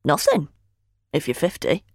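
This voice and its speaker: A woman voicing Jeanie, a blunt and nosy woman best friend around forty, in a high, mocking voice. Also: measured pace, gravelly, dry recording, clean studio sound, full character voice. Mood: teasing. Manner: high, lively, mocking delivery.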